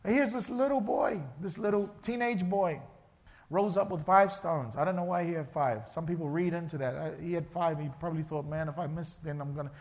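A man's voice: sits high, normal speed. A male pastor, preaching a sermon in a church and acting out the people in his story. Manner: animated, acts out the characters' voices.

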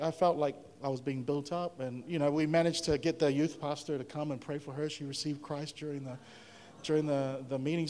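A pastor preaches in a lively, chatty way, often turning questions to his congregation. His voice sits a little high. A long reverb from the church hall trails every phrase. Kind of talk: sermon.

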